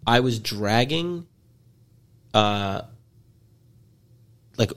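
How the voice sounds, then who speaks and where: A man's voice: lowish voice, expressive, very slow, a bit bright, clear, resonant tone. A man in his twenties telling a story in casual chat, rambling with many fillers and restarts, and wry and jokey in his delivery. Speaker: podcast storyteller.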